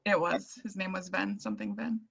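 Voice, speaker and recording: A woman, an English teacher guest, chatting casually and thoughtfully on a podcast, pausing with fillers. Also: medium pitch, fairly even intonation, gravelly, a bit bright, slightly rough. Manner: thoughtful, hesitant, many "um" and "like". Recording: dull lo-fi audio.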